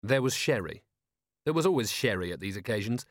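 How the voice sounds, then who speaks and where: A man narrating an audiobook in a wry, expressive way, recorded in a studio. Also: lowish voice, brisk, no room sound.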